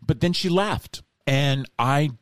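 A middle-aged man, a guest in a casual interview, telling a story in an animated way and acting out the voices of the people he quotes. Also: on the high side, slow pace, no echo, clean studio sound.

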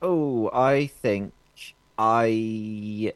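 A man on a football podcast panel, making wry remarks in a slow drawl. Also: on the low side, no room sound. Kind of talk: casual football podcast chat.

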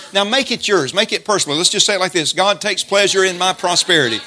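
A man preaching a sermon, reading scripture slowly and emphatically and leading the congregation in call-and-response. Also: high voice, bright, forceful tone.

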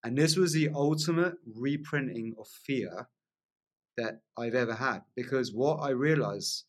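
A man guesting on a podcast, spinning a vivid personal story with excitable energy. His voice sits in an ordinary middle pitch, and he talks loosely, laughing along the way and peppering sentences with "like.". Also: measured pace. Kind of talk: storytelling in casual conversation.

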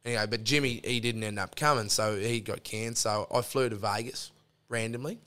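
A man's voice: fairly low pitch, steady tone, a little fast, bright, forceful tone. A middle-aged Australian man, a podcast guest, telling rambling stories in a casual chat and swearing freely, with lots of restarts and asides. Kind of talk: casual storytelling yarn.

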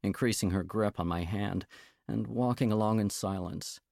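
A man narrating a novel in the first person, with a measured, gentle storytelling manner and a gravelly voice. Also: fairly low pitch, no echo, studio quality. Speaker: audiobook narrator.

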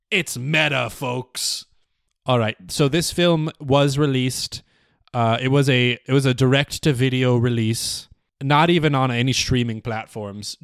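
A man's voice: mid-range voice, no echo, clean studio sound. Rambling, profane male podcast host. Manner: rambling, profane, mock-serious. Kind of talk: comedic solo storytelling.

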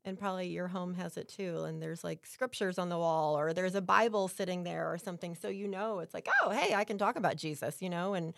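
A woman's voice: lowish voice, steady tone, fairly quick, creaky, few pauses, no echo, studio quality. A middle-aged woman, a realtor and home stager, telling personal stories in casual interview chat, earnest and emotional, with lots of fillers.

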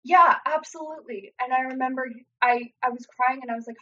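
A young adult woman telling a painful personal story in an earnest, halting way, acting out what others said. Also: fairly high pitch, sharp tone. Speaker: guest sharing personal story. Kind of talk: emotional personal account. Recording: dull lo-fi sound.

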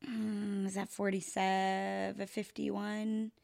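A woman's voice: medium pitch, little pitch movement, takes it slowly, gravelly, a little mellow. A woman co-hosting a podcast in casual chat, talking with lots of fillers and restarts and laughing often. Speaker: podcast co-host.

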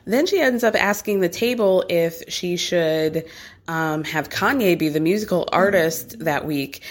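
A woman's voice: lowish voice, lively intonation, unhurried. Woman, gossipy, chatty asides, casual recap talk. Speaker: reality TV recapper.

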